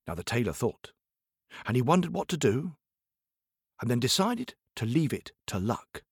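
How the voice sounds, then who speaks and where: Animated male storyteller for children. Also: mid-range voice, normal speed, breathy edge, no echo, studio quality. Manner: expressive, playful, addresses listeners directly.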